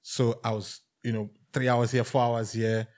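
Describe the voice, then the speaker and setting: A Nigerian man in his forties, a music executive telling his life story as a guest on a casual interview show, animated and fond of acting out the voices he quotes. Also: medium pitch, moderate pace.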